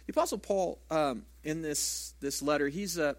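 Conversational pastor preaching, slightly high voice. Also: male voice, moderate pace. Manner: conversational preaching with rhetorical questions. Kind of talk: sermon.

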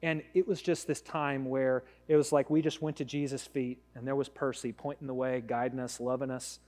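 A man's voice: medium pitch, flat delivery, moderate pace, darkish tone. Man preaching casually in a reverberant hall. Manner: casual, storytelling, conversational preaching. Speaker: pastor. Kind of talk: sermon.

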